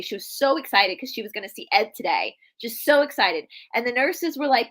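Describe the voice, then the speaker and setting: A young woman co-hosting a podcast on a live video call tells a personal family story, earnest and chatty, restarting often, in casual live-stream chat. Her voice is a little high, very animated and a bit bright, running a little fast with hardly any pauses.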